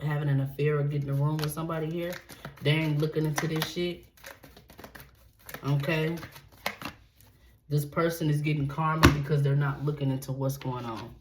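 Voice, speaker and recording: A woman giving a tarot reading, blunt and profane, checking in with "okay?" after nearly every point. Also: low voice. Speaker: tarot reader. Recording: echoey room with steady background noise.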